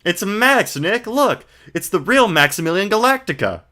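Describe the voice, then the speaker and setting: An excitable teenage girl gushes in a squeaky, high voice that sits well above the performer's own, as a male streamer puts her on. She sounds bright and eager, a cartoonish game sidekick. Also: normal speed, exaggerated voice. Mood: starstruck. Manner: squealing, gushing fan. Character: bubbly teenage girl spirit medium, excitable.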